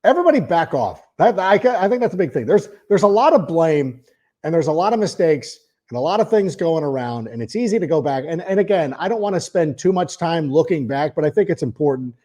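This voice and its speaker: A man's voice: fairly high pitch, lively intonation, brisk, dark tone. A man hosting a sports podcast, talking casually and at length, often repeating words as he starts a sentence. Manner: reads a sponsor ad in the middle. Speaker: podcast host. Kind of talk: casual sports talk monologue.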